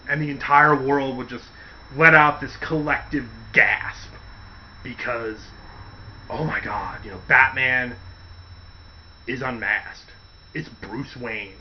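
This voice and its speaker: A man's voice: mid-range voice, dull audio, slight background noise. A man hosting a casual podcast, rambling through stories and acting out quotes along the way. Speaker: podcast host. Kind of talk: casual chat.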